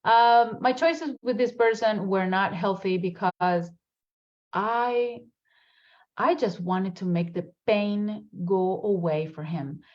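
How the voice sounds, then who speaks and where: A woman speaks as a motivational coach, sharing personal stories at an unhurried pace. Her voice sits in a middle register for a woman, and the recording sounds a little dull. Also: medium pitch, darkish tone. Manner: slow, storytelling, with frequent laughs and fillers. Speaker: high performance coach. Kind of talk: motivational video monologue.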